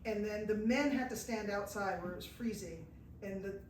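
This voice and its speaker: In a mid-range, slightly mellow voice at a moderate pace, this woman from the U.S. recounts a trip to a live audience indoors. She performs the voices of the people she quotes and laughs at her own expense. Captured from a distance, the audio is echoey with faint noise.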